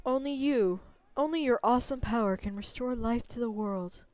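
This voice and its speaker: A woman voicing a soft, serene tree goddess. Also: on the high side, normal speed, no echo, close to an everyday voice, poor audio. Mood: solemn. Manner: soft, solemn, pleading. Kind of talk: game dialogue read aloud.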